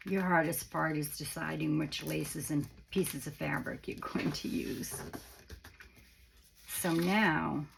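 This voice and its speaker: A woman hosting a casual, chatty craft tutorial with a croaky voice, explaining steps as she goes and correcting herself along the way. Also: deep voice, steady tone, takes it slowly, slight background noise, poor audio. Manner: chatty, meandering, self-correcting. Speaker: craft channel host.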